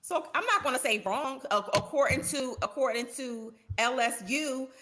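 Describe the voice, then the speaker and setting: Female co-host, measured debater, slightly high voice. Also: sharp tone, a little hiss or hum. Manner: measured, reasoning, persistent. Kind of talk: panel debate.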